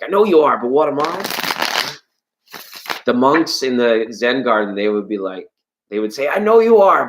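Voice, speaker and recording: Live tarot host, loose and playful, jokes while greeting chat, voice leaps high when worked up. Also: poor audio. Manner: rambling, playful and jokey; greets and answers viewers from chat. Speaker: tarot reader hosting a live stream. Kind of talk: live-stream chat with viewers.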